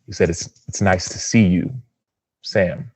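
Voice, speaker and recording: A man in his thirties, a podcast guest, telling a personal story in an earnest, animated way and acting out the quotes. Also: deep voice, measured pace, slightly rough, dry recording.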